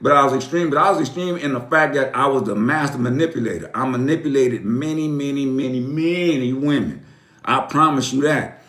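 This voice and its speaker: A middle-aged man, hosting a casual livestream as a life coach, welcoming viewers by name and repeating phrases like a preacher. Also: a little high.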